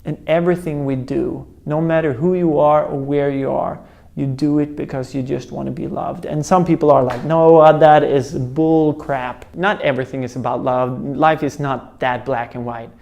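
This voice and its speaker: A man's voice: mid-range voice, steady tone, moderate pace, vocal fry, a little mellow. A young man telling a personal story in a motivational talk, acting out voices and sounds as he goes. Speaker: motivational speaker.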